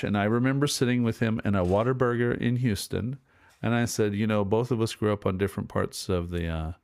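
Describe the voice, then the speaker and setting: A man's voice: low-pitched, vocal fry, darkish tone, dry recording, clean studio sound. A middle-aged man hosting, talking in a loose, digressive way with many fillers and restarts. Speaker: host. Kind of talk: casual spoken commentary.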